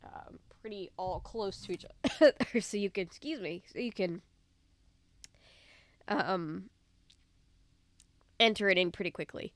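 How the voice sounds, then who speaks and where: A woman's voice: medium pitch, expressive, drawn-out words, pauses often, no echo. A woman hosting a let's play, chatting casually and thinking aloud while coughing from allergies. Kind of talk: casual gameplay commentary.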